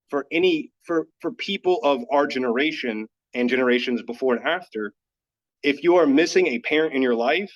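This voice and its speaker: Male podcast guest from Dallas, mid-pitched, earnest storyteller, casual and candid, dull audio. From Dallas, Texas. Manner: earnest, candid, filler-heavy with frequent "like". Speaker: podcast guest, yoga teacher. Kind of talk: personal storytelling in casual chat.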